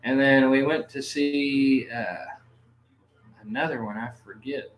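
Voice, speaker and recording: A man's voice: medium pitch, fairly even intonation, measured pace. A man co-hosting a podcast in casual chat, telling stories with crude humor and acting out his own reactions. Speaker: podcast co-host. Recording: echoey room.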